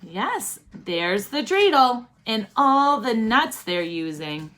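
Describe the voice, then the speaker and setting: A woman teacher reads a picture book aloud to young children, often pausing to ask them questions. Her voice is bright and lively, swooping up and down, and she reads at a slow, careful pace. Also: on the high side. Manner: expressive, asks the listening children questions.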